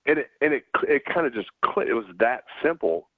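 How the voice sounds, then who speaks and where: A middle-aged man with a Southern US accent, a guest in a casual interview, telling stories in a halting way with many restarts. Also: medium pitch, expressive, no room sound. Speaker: guest, former pro pitcher. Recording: dry, tinny phone-like line.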